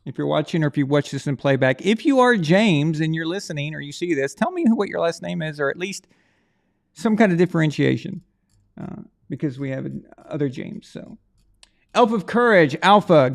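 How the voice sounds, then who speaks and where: A man's voice: a little high, a little fast, creaky. A man hosting a live stream, chatting casually and rambling to his viewers while he runs a prize draw.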